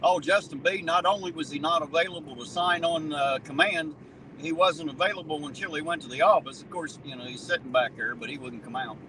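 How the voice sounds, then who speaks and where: A man's voice: fairly high pitch, brisk. A man hosting his channel, chatting casually and mockingly while he drives, swearing and laughing often. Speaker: channel host, auditor. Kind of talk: casual chat while driving. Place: inside a car. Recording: loud road noise in a moving car.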